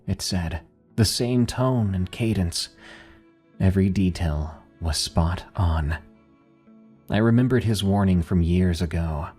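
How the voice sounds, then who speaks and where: A man reading a first-person horror story in a slow, grave narration over faint music. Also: deep voice, darkish tone, slightly rough.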